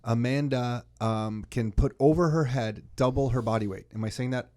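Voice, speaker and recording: A man co-hosting a podcast in casual chat, excitable and quick to jump in. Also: mid-range voice, no echo, studio quality. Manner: excitable, animated, jumps in eagerly. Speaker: podcast co-host.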